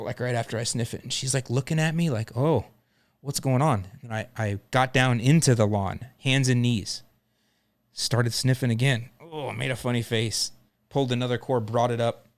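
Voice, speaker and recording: A middle-aged man hosting a lawn care podcast, telling a story in a casual, joking way. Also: medium pitch.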